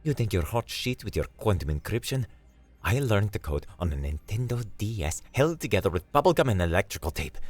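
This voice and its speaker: A man voicing a cocky male hacker who hasn't slept, fast and wisecracking, in a sci-fi story narration. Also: on the high side, huge pitch swings, pitched above the performer's own voice. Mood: muttering. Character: Todd Delgado, sleepless male hacker, cocky.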